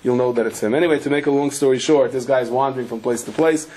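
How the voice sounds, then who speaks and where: A rabbi telling a lively story in a sermon, acting out the characters' lines. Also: male voice, medium pitch, fast.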